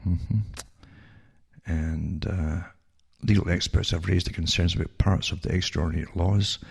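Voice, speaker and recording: Gravelly, sardonic older man with a Scottish accent. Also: steady tone, normal speed. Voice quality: very creaky, rough low voice. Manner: sardonic, asides like "eh?" and rhetorical questions. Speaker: radio talk show host. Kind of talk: reading news items aloud with sarcastic commentary.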